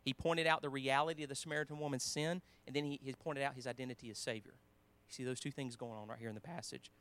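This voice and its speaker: A man preaching a sermon in a conversational way, with restarts, quoting scripture, swinging between emphatic lines and quiet asides. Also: medium pitch, steady tone, fast.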